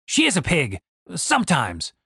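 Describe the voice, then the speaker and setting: A man's voice: a little high, huge pitch swings, unhurried, sharp tone, slightly rough, no room sound, studio quality, heavily acted. A man voicing a cocky, ruthless half-elf fighter who gives curt orders. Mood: sly. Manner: curt, commanding, sly.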